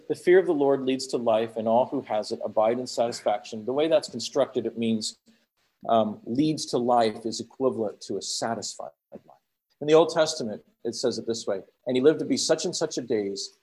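A man preaching a sermon, acting out prayers and quotes with sudden swings from loud exclamations to hushed tones. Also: mid-range voice.

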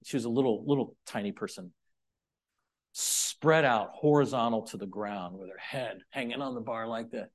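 A middle-aged man preaching a sermon, moving between loud, emphatic points and quiet, chatty asides to the congregation. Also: medium pitch, normal speed. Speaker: pastor.

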